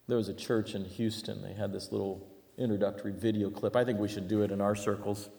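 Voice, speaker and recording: A middle-aged man preaching a sermon, telling stories with animated swings between loud and hushed delivery. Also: on the low side, moderate pace, gravelly. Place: church sanctuary. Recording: long reverb of a large hall.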